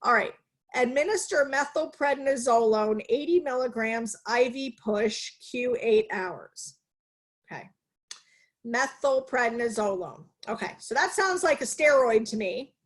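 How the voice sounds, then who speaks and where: A woman with a fairly high voice teaches nursing students in a live online class over a video call. She talks with energy, puts questions to the class and then answers them herself. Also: animated, unhurried. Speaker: nursing instructor.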